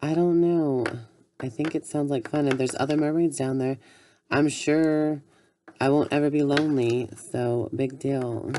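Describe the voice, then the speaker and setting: Woman doing a mopey deep-voiced mermaid girl, slow and low, homemade skit. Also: background noise. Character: young mermaid woman longing to return to sea.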